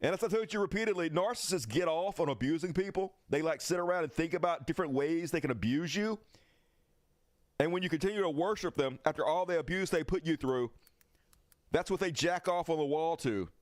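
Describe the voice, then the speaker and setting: A man's voice: on the high side, brisk, dry recording, studio quality. Angry ranting male streamer. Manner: angry, profane, sarcastic. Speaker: livestream host. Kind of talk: political commentary rant.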